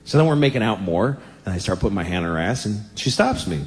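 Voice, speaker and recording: Male stand-up, forties, lively pitch, raunchy confessional rambler. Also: fast, long reverb tail. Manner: crude, self-deprecating, rambling confessional. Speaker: stand-up comedian. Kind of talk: stand-up routine.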